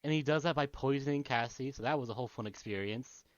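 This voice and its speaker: A man's voice: medium pitch, quick pace, no room sound. A man co-hosting a casual podcast, rambling through a video game's story with plenty of swearing and laughter. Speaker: podcast co-host. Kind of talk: casual chat, retelling a video game story. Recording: dull lo-fi podcast mic.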